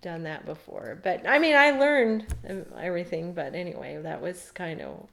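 A woman's voice: lowish voice, lively intonation, moderate pace, creaky, a bit bright. Chatty woman telling an old story. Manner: chatty, rambling, laughs often. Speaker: interviewee. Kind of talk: casual storytelling.

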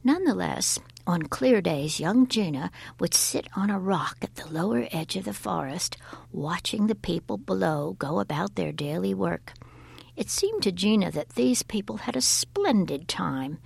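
Gravelly-voiced woman reading a folk tale. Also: lowish voice, measured pace, dry recording. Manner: expressive, often dropping to a breathy whisper. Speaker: storyteller. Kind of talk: storybook reading.

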